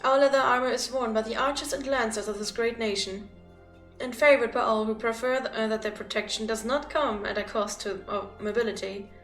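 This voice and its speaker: A woman's voice: fairly high pitch, fairly even intonation, brisk, fairly bright tone, echoey room, faint music behind, natural voice. A woman voicing a formal, earnest guildmaster while reading game dialogue aloud, with small slips.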